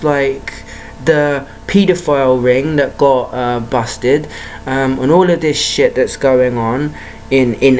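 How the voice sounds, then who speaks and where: A woman's voice: sits low, darkish tone, a little hiss or hum. A woman ranting to camera in a heated, profane monologue full of rhetorical questions. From United Kingdom. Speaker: vlogger.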